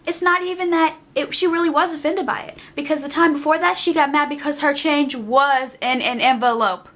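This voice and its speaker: A woman's voice: sits high, moderate pace, few pauses, a bit bright. A young woman vlogger ranting casually, exasperated and emphatic, often repeating herself for effect. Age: young adult.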